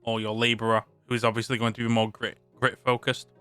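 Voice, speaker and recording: A British man reads a tabletop rulebook on his live stream, breaking off to restart words and chat between sections. His mid-range voice is bright and crisp but flat in delivery, and he moves fast. The recording is close and dry, with faint music underneath.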